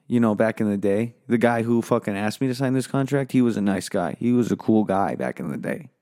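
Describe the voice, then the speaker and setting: Gravelly, bitter, foul-mouthed man ranting. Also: on the low side, expressive, brisk, mellow, no room sound, studio quality. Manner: bitter, weary, foul-mouthed, flaring into angry outbursts. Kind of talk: profane comedic rant monologue.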